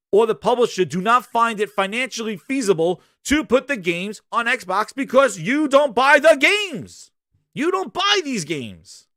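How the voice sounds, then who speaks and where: A man's voice: high-pitched, pushed and bright, dry recording, studio quality. A young man hosting a gaming podcast, ranting emphatically and arguing straight at his listeners. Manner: emphatic, argumentative, addresses listeners directly. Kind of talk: animated opinion rant.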